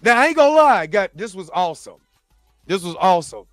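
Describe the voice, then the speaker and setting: A man's voice: high voice, big pitch swings, a little fast, a bit bright, no echo, clean studio sound, soft background music. A man hosting a reaction show, recapping episodes in a loose, slangy, rambling way full of restarts and asides.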